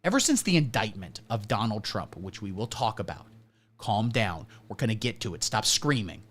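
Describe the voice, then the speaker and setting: A man hosting a satirical comedy livestream, delivering absurd deadpan jokes and swinging between mumbled asides and sudden emphasis. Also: on the low side, normal speed, a little hiss or hum. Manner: deadpan absurdist, mock-conservative persona. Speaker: livestream host.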